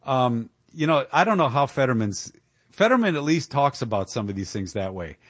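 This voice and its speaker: A man's voice: medium pitch, very animated, normal speed, no echo, clean studio sound. A man hosting a talk radio show, giving indignant, emphatic political commentary with the odd chuckle.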